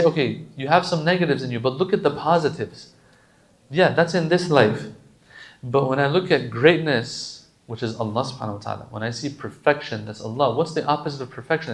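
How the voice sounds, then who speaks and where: A male preacher giving a sermon, switching between quick Arabic recitation and relaxed English explanation. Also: medium pitch. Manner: chants Arabic lines rapidly then explains in casual English.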